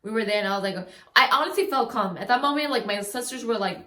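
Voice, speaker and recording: This time her high-leaning voice has a sharp tone as she talks quickly to the camera. The young woman's storytime stays loose and rambling, packed with "like" and frequent restarts, and the room adds a noticeable echo.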